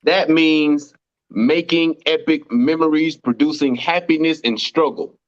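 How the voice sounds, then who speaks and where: A man from Memphis performs spoken word poetry with a rhythmic, declaiming delivery. His voice sits a little high. The sound is dull and lo-fi. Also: unhurried.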